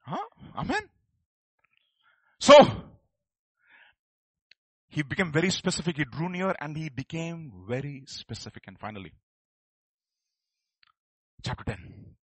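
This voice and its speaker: Emphatic preacher, bright voice. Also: male voice, fairly high pitch, sing-song, measured pace, pauses often, breathy edge, dry recording, poor audio. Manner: emphatic preaching, swings between loud calls and quiet asides; calls for congregation responses. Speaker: pastor. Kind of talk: sermon. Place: church service.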